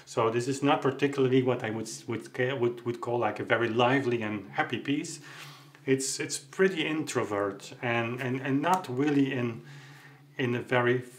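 A man teaching music, thinking aloud with halting restarts and tag questions as he explains a piece. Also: mid-range voice. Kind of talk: explaining while practicing at the keyboard.

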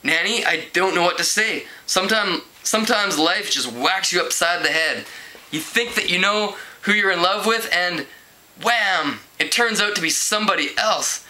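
A man's voice: high-pitched, moderate pace, sharp tone, low-quality recording. A man reading aloud and voicing a sassy, fashion-minded teenage girl. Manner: sassy, soothing.

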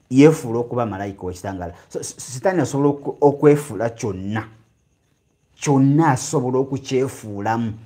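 A man with a Ugandan accent preaching a teaching sermon, drawing out key phrases slowly and then rushing ahead. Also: mid-range voice, darkish tone.

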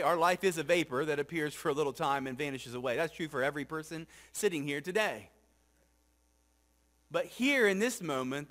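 A male pastor preaching a reflective sermon to a congregation, asking rhetorical questions and often dropping soft and low for scripture. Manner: asks the congregation rhetorical questions, frequent "right?". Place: church sanctuary with congregation.

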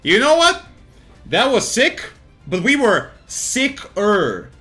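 A young man with a fairly high, very lively voice commentates his card game, jumping from loud shouts of hype down to low, mumbled thinking aloud. He swears casually and laughs a lot. Faint music plays behind him. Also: slow pace. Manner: swings between loud hype yelling and muttered thinking aloud. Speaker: gaming YouTuber. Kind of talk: excited gameplay commentary.

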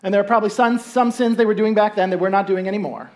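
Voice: medium pitch, fast talker. A pastor preaching a sermon in a church in an easygoing, conversational way, checking in with the congregation and briefly acting out the voices of people in the story. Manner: checks in with listeners with rhetorical asks. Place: church sanctuary.

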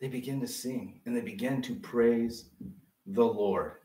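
A man preaching a sermon as pastor, lively and conversational, full of rhetorical questions. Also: medium pitch, a little slow. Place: church sanctuary. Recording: roomy sound from a distance.

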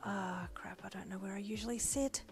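A woman's voice: mid-range voice, normal speed, fairly bright tone, faint music behind, natural voice. A woman voicing a polite, flustered young woman stuck in a teenage boy's body, trying to act tough.

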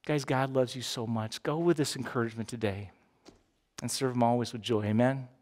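A man in his fifties preaching a sermon as pastor, earnest and swinging from emphatic peaks down to quiet, low moments. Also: fairly quick. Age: 50s.

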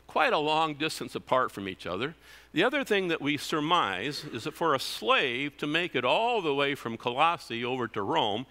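Male pastor mid-sermon, bright and expressive delivery, church sanctuary echo. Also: mid-range voice, vocal fry. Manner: animated preaching, reading scripture aloud. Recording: church hall reverb.

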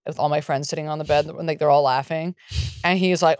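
Woman co-host, low-ish voice, smooth and clear, dry close sound, swears freely and plays out every line of her stories. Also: quick pace, no echo. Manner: profane, animated storytelling with acted-out quotes. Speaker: podcast co-host. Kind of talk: casual chat.

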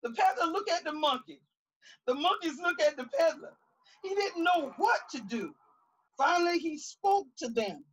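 A woman reading a picture book aloud to young children outdoors, animated and stopping to ask them questions. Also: very high voice, moderate pace, rough recording.

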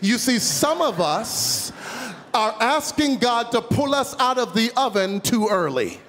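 A man's voice: very high voice, very animated, measured pace, fairly bright tone. A man preaching a sermon as pastor, telling a humorous story and calling out to the congregation. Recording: long reverb of a large hall.

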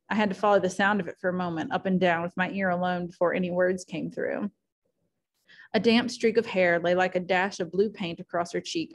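A woman reading a classic novel aloud at home, with clear, expressive storytelling. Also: lowish voice. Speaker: audiobook reader.

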